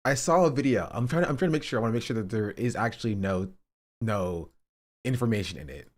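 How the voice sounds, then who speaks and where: A man's voice: fairly low pitch, expressive, fast talker, a little mellow. A man hosting a casual reaction stream, rambling and amused as he talks to his chat.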